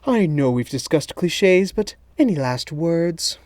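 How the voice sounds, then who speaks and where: A man voicing a gloating, theatrical male villain mastermind in a storybook reading, in a high, loud, drawn-out sneering voice. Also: lively intonation, dry recording. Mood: taunting.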